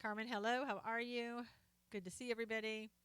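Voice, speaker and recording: A woman's voice: fairly high pitch, flat delivery, a little fast, fairly bright tone, clean tone, no room sound. A woman hosting a casual live stream, chatting, greeting viewers by name and reading their comments aloud, often trailing off with fillers.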